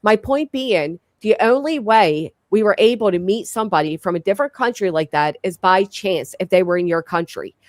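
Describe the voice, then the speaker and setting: Talkative American woman host, mid-pitched, eager, dry close sound. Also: animated, moderate pace, few pauses, no room sound. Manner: enthusiastic, talkative. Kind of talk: casual chat.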